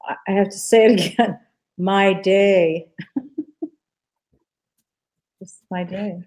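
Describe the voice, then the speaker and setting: A middle-aged woman speaks as an interview guest, her voice warm and mellow. She tells earnest stories in a casual way, with plenty of fillers. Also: medium pitch, steady tone, slow pace, rough recording. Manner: earnest storytelling, frequent fillers.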